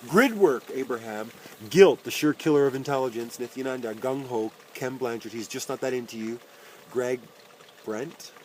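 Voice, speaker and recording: A man's voice: medium pitch, steady tone, moderate pace, darkish tone, a little hiss or hum, rough recording. A man reading aloud a long list of self-help titles and their authors, with dry, wry asides and his voice dropping on each name.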